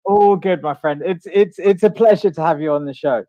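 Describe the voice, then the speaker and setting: A man's voice: on the high side, no room sound, muffled recording. Eager, stumbling man interviewing a guest. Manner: halting, full of restarts and laughs. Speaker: co-host and interviewer. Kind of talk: casual online chat show interview.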